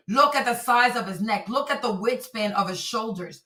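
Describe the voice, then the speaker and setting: Animated woman streamer in echoey room. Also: fairly high pitch, moderate pace, recorded from a distance. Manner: animated, repetitive, talks to her audience. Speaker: streamer commentator. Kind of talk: livestream commentary. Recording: roomy echo, voice a bit off-mic.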